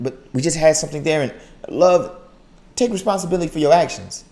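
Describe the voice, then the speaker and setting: A young man hosting a casual reaction video, talking in an animated way and repeating phrases for emphasis. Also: on the high side, fairly quick, gravelly. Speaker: YouTube reaction host.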